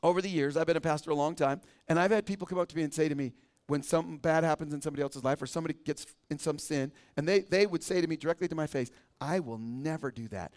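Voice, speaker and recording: A man's voice: fairly high pitch, rapid-fire, a little mellow. Conversational pastor, a man preaching. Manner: conversational, asks the audience "right?" often. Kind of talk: sermon.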